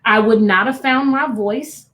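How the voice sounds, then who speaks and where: A woman's voice: fairly high pitch, measured pace, a bit bright. Earnest woman speaking emphatically. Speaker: guest, motivational speaker. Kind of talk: earnest testimony on a video call.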